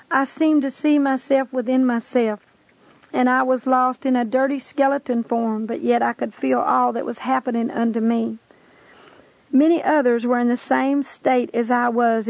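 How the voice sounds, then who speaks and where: A woman's voice: a little high, vocal fry, dry recording, low-quality recording. A woman earnestly recounting a dramatic personal testimony, telling it intensely as a narrator.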